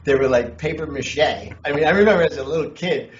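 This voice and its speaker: A man's voice: on the high side, quick pace, few pauses. A man, a comedian, telling funny stories in an interview and laughing often. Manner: jokey, animated, laughs often. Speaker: comedian guest. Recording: echoey, distant, dull lo-fi with faint noise.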